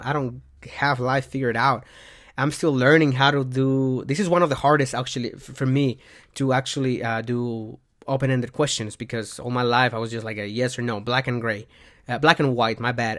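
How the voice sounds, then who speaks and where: A young man giving casual self-help advice in a lively, repetitive way, often rising and dropping in pitch and volume. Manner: animated, repeats himself, shifts pitch and volume often.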